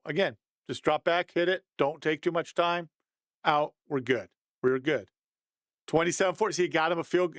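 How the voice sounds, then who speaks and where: A man's voice: fairly high pitch, no echo. A man giving a casual, conversational breakdown of football game film, thinking aloud and chuckling at mistakes.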